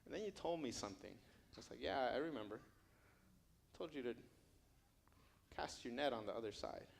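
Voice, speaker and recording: A man's voice: mid-range voice, expressive, moderate pace, creaky. Man playing Peter, humble stammering fisherman. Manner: confessional, stammering restarts.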